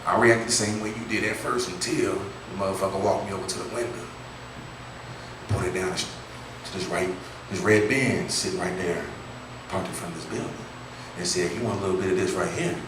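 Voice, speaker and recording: A man's voice: sits low, steady tone, normal speed, pauses often. A man doing a stand-up comedy set, telling a profane, slangy story and acting out his friends' voices. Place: comedy club stage. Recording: echoey room from far off, noisy.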